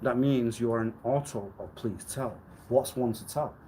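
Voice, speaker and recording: A man streaming live, talking to himself in a loose, cryptic ramble. His voice sits in a middle pitch, dropping to quiet mutters and then jumping into loud, emphatic outbursts. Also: moderate pace, very noisy. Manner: rambling and cryptic, swinging between low mutters and loud bursts.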